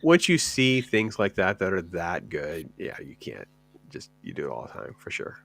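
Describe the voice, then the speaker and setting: A man's voice: sits low, wildly swooping pitch, moderate pace, gravelly, a bit bright, faint music behind. A man hosting a podcast in an upbeat, easygoing way, trading stories with his co-hosts. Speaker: podcast host. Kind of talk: casual chat.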